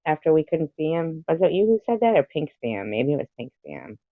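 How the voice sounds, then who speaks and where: A man's voice: on the high side, very animated, brisk, no room sound, phone-quality sound. A man hosting a livestream in casual chat, rambling to his viewers and cursing at his pets between topics. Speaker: livestream host. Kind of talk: casual chat with a live audience.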